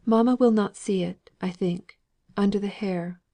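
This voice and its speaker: A woman's voice: medium pitch, unhurried, close to an everyday voice. A woman doing a faint, pleading young woman. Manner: soft, pleading yet resolute. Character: injured, faint but determined young woman.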